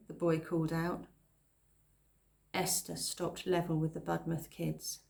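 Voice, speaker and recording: A woman reading a children's novel aloud at a calm pace, pausing now and then to explain a phrase. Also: fairly low pitch, gravelly. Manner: calm, pauses to explain words. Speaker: reader.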